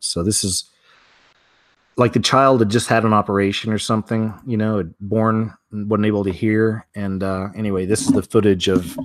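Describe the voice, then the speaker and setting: A man's voice: fairly low pitch, dry recording, studio quality. A man hosting a weird-news show, reading headlines aloud and then riffing on them in a chatty, offhand way. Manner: chatty, reads headlines then riffs with asides. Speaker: news commentary host. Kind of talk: casual news commentary.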